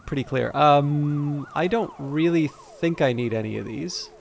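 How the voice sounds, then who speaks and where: A man's voice: on the high side, unhurried, creaky, a little hiss or hum. A man casually commenting while streaming a game, rambling and hesitant with many fillers. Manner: rambling, hesitant, self-deprecating. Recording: game music under voice.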